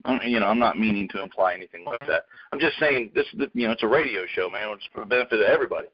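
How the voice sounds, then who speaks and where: A man's voice: lowish voice, animated, racing. A man hosting a radio show, talking in a rambling, casual way and calling people dude and man. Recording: muffled lo-fi radio audio.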